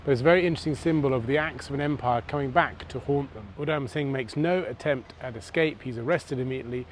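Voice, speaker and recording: A man's voice: medium pitch, quick pace, a little hiss or hum. A man presents history outdoors on city streets, telling the story in a conversational, dramatic manner. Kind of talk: on-location history talk.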